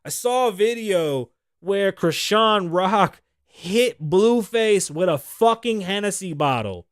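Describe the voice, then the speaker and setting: A man's voice: high-pitched, expressive, slow, no room sound, clean studio sound. A man in his thirties from the United States, hosting a podcast with a brash, profane, opinionated solo rant. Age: 30s. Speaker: podcast host.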